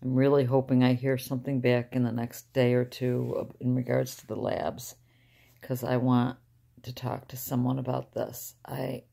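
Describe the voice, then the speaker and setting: Low gravelly older woman, soft and halting. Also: flat delivery. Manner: soft-spoken, halting, trailing off with sighs. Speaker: vlogger. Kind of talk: rambling casual talk to camera. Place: inside a parked car.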